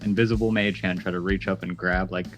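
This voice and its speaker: Very deep, flat-voiced man player. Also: quick pace, soft background music. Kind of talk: casual tabletop play.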